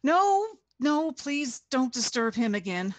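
A timid young male officer speaks up nervously, raised and a little breathless with urgency, as a woman reading a novel puts him on. His voice sits higher than the narrator's own. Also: very animated, normal speed, no echo.

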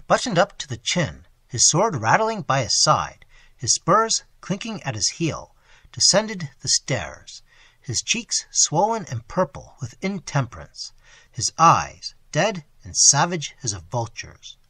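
Expressive male audiobook narrator, husky. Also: fairly high pitch, a little slow, no room sound. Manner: expressive, dramatic reading. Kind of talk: scripted narration.

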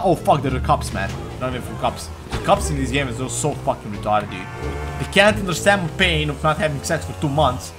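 A young man narrates his own gameplay with crude, excitable jokes. His voice sits a little high and swings widely in pitch, and he often bursts into yelling. Soft music plays behind him. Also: brisk. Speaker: gaming commentator. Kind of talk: comedic game commentary.

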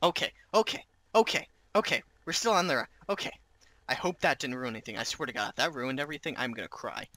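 A man's voice: medium pitch, expressive, quick pace, bright, forceful tone, dry recording. A male let's-play gamer commenting on his game, flustered and exclaiming often. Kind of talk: gameplay commentary. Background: game music.

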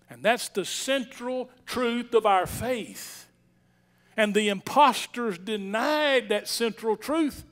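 A pastor delivers his sermon in a strikingly high, smooth and resonant voice. He takes his time, rising to emphatic declarations and dropping to a hushed tone for his stories. His tone is bright and ringing. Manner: emphatic preaching, swinging from loud declarations to hushed storytelling. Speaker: senior pastor. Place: church sanctuary.

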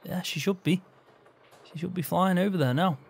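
A man's voice: high-pitched, moderate pace, vocal fry, slightly rough. A man in casual game roleplay, chatting as a farm hand in an easygoing way with mild swearing.

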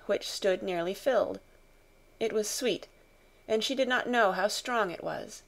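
Audiobook narrator: woman, calm, expressive classic storytelling, mid pitch. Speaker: audiobook reader.

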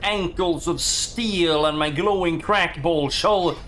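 A man's voice: fairly high pitch, takes it slowly, noisy background. A man voicing a boastful young male hero who solemnly proclaims his might. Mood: grandiose.

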